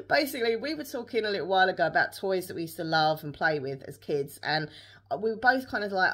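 A woman's voice: mid-range voice, lively intonation, fast talker, a bit bright. A young woman, chatting casually to camera in a rambling day-in-the-life vlog, full of fillers and restarts. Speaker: vlogger.

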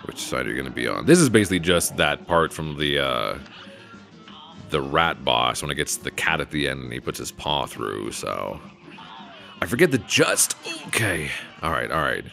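A man's voice: very deep voice, big pitch swings, moderate pace, creaky, pushed and bright, soft background music. A man giving casual gameplay commentary, swearing often and joking at his own expense. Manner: swearing, self-mocking jokes. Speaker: let's play commentator.

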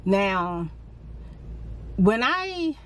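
A middle-aged woman vlogger telling a casual story, relaxed with sighing pauses, her voice jumping up when she acts out what others said. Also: slight background noise. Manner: animated retelling, pitch jumps up for quoted speech.

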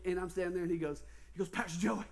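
Rapid-fire and high-pitched, this Southern-accented male pastor delivers a sermon full of animated stories. Again and again, he turns to the congregation with questions.

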